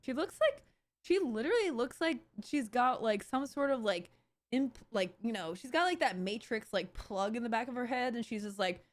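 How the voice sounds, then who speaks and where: A woman's voice: a little high, animated, moderate pace. A woman streamer giving live reaction commentary, ranting sarcastically with lots of fillers and restarts. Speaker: streamer host.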